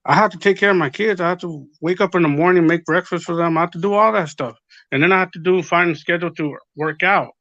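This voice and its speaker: A man's voice: sits high, quick pace, a bit bright, no room sound, dull audio. A man in casual podcast chat, rambling and swearing as he retells what others said. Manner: rambling, profane, retells quotes. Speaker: podcast guest.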